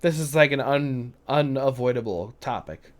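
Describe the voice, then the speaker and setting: A man's voice: medium pitch, normal speed. A man co-hosting a livestream podcast, jokey and playful, tossing in mock dramatic lines. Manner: jokey, throws in mock quotes and pirate calls. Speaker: podcast co-host. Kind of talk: casual livestream chat.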